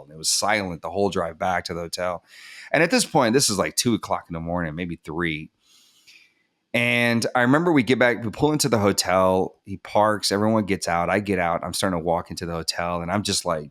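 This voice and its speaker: A low-pitched man, a podcast guest, candidly tells a personal story. He's animated, acts out what others said and laughs at himself, then grows soft and subdued as it turns emotional.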